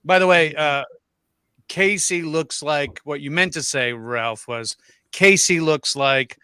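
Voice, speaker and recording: Male guest, crisp bright tone, dry sound, deadpan wit. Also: fairly high pitch, slow pace, no room sound. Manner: wry, deadpan jokes. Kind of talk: casual panel chat.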